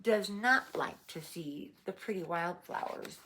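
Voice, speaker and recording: A storyteller reads a picture book aloud to children at storytime, tossing in playful asides and questions for her listeners. Her voice is on the low side, a bit bright, and a little slow.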